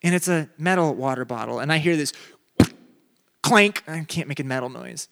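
A young adult man preaching a sermon, telling a funny personal story with big rises in his voice, then dropping low and soft for the message. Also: fast, creaky.

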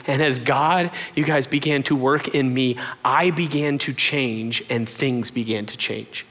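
A young adult man preaching a sermon, telling a personal story in an animated way and jumping up high in pitch when he acts out what people said. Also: brisk, few pauses. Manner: animated storytelling, voices quoted lines in a much higher pitch. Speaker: pastor. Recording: long hall reverb.

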